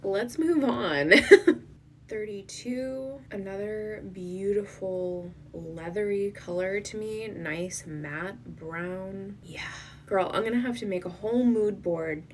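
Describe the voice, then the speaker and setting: A woman with a mid-range voice reviews an eyeshadow palette as a beauty vlogger doing makeup swatches, sitting far from the mic with slight background noise. She gushes emotionally, speaking slowly and breathily, often dropping to a whisper and tearing up.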